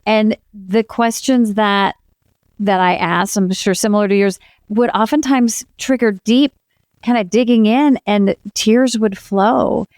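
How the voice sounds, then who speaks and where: A woman's voice: medium pitch, steady tone, measured pace, a little mellow, dry recording, clean studio sound. A woman coach co-hosting a podcast, speaking earnestly and encouragingly. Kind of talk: casual podcast conversation.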